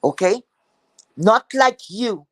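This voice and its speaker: A woman's voice: medium pitch, lively intonation, slow pace, dry recording. A woman from Philadelphia hosting a livestream, ranting and taunting a rival with heavy profanity. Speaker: livestream host.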